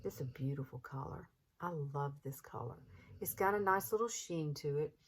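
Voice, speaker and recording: A woman's voice: deep voice, normal speed, slight background noise. A woman in her fifties with a Southern US accent, chatting through a makeup tutorial in a folksy, encouraging way. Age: 50s.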